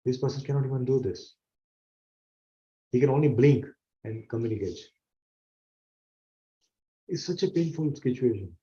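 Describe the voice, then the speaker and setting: Earnest man teaching scripture, mellow voice. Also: medium pitch, moderate pace, long pauses. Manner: earnest, repeats key phrases, acts out gasps. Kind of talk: explanatory sermon to an online audience. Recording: roomy, dull-sounding recording.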